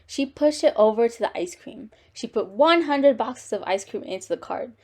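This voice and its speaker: A woman reads a children's story aloud with lively, expressive delivery. Her voice sits a bit high, and she leans into the telling like a storytime host. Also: moderate pace. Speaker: storytime reader.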